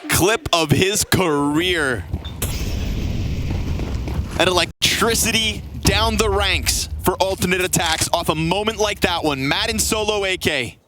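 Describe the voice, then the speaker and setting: A man doing live play-by-play esports commentary, with rapid calls that build to shouts at big plays. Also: high voice, music in the background.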